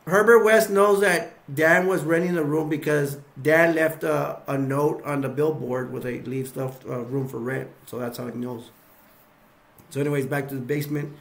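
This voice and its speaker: A man's voice: on the high side, fairly even intonation, normal speed, vocal fry. Rambling man recapping a movie. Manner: rambling, repeats himself, acts out scenes. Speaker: movie reviewer. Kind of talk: casual film recap.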